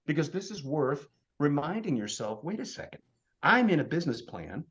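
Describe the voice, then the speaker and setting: A man in his fifties giving an energetic motivational business presentation as a sales trainer, firing off rhetorical questions. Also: a little high, moderate pace, lo-fi sound. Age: 50s.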